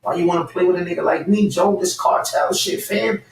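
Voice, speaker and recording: A man of around forty, a guest telling stories and delivering an animated, heated callout rant that breaks into shouting. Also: high-pitched, fairly quick, vocal fry. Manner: animated, fired-up, repeats his target's name, bursts into shouting. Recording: echoey room, mic set at a distance, faint background hiss.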